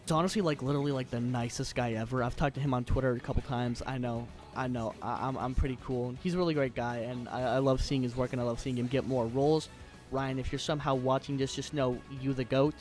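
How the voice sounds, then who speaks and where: A man's voice: medium pitch, steady tone, quick pace, darkish tone, soft background music. A young man giving a casual, slangy film review, sometimes tripping over his words. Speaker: YouTube movie reviewer. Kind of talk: casual movie review monologue.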